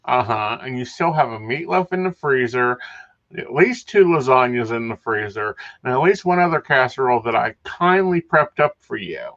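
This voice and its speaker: A man's voice: mid-range voice, expressive, moderate pace, fairly bright tone. A man co-hosting a podcast in casual chat, wry and chatty as he tells his stories. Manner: chatty, wry, recounting with dry humor. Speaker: podcast co-host. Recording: dull lo-fi sound.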